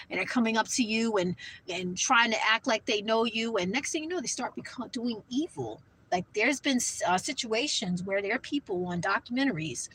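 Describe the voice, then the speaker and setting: Husky-voiced woman preaching a warning. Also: fairly high pitch, fairly bright tone, rough recording. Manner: fervent, warning, full of "you know" fillers. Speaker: Christian vlogger. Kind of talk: earnest religious talk.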